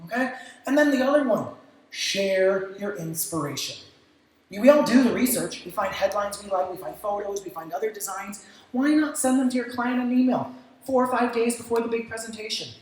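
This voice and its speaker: Energetic man in an echoey hall. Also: high-pitched, fairly quick, slight background noise. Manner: energetic, acts out clients' reactions, casual swearing. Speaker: speaker at a creative industry event. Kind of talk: stage talk with practical lessons. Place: event stage in a large, echoey venue.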